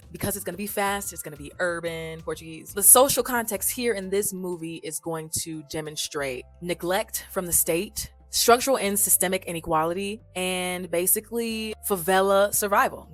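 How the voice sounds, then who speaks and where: A young adult woman chats through a casual language-learning vlog at a middle pitch. She sounds animated and talkative, laughs easily and drops into little put-on voices now and then. Soft music plays faintly behind her. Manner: animated and chatty, laughs often, quotes people in put-on voices.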